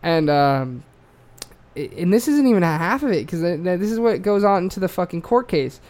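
A man's voice: high voice, animated, brisk, darkish tone. An Australian man telling a true-crime story in a loose, rambling way, full of swearing and fillers. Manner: rambling, profane, lots of fillers.

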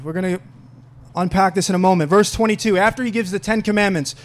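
Male pastor with a high voice, earnest sermon delivery that swells when he reads scripture. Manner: earnest preaching, rising louder when reading scripture aloud.

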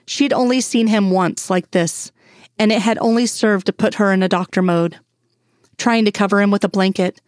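A woman narrating a fan fiction story in a steady, measured way. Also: medium pitch, no room sound, clean studio sound. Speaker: audiobook reader.

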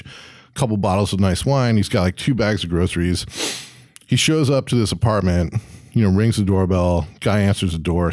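A man tells a story in loose, casual talk, full of swearing and voiced quotes of the people in it. His voice sits low. The sound is dry and close, with no room around it. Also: a little mellow, no echo. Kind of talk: casual anecdote.

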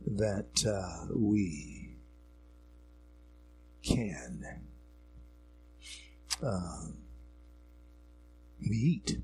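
A man's voice: fairly low pitch, big pitch swings, drawn-out words, long pauses, warm tone, a little hiss or hum, rough recording. A man from the American South with a Louisiana Southern accent, hosting a talk radio show in an earnest, repetitive monologue with many fillers. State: grieving.

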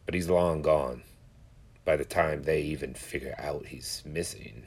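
A man's voice: rumbling low, measured pace, slightly rough. A man talking in a casual, profane, rambling monologue, telling stories and musing loosely. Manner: profane, storytelling, loose and conversational.

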